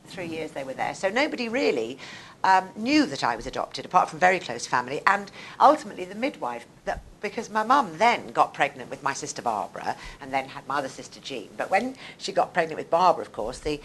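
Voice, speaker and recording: A woman in her sixties with a posh English accent, an actress telling her life story in a lively, theatrical way. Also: deep voice, brisk, a little hiss or hum, rough recording. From England. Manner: animated, theatrical, acts out other people's voices. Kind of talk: conversational storytelling on stage.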